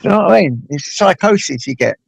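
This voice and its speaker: A man hosting a casual chat, talking bluntly with plenty of swearing and lively storytelling. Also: on the high side, fast talker, creaky, breathy edge, dry recording, rough recording. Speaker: host.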